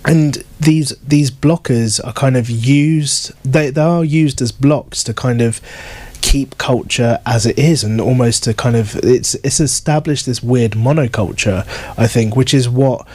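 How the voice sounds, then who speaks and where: A man's voice: mid-range voice, unhurried, few pauses, a little mellow, dry recording. A man, an author, talking casually at a bookshop event and reading from his novel, with many fillers and restarts. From United Kingdom.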